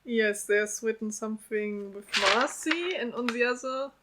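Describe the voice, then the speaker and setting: A woman co-hosting a casual podcast, chatting and laughing often, with quick asides. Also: fairly high pitch, heavy background noise. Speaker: podcast co-host. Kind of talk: casual chat and group reading.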